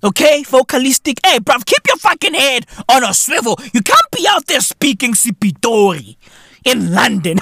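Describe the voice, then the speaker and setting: A man with a South African accent hosting a podcast, ranting in a profane, animated comic monologue full of slang. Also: very high voice, normal speed, no echo, clean studio sound. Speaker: podcast host.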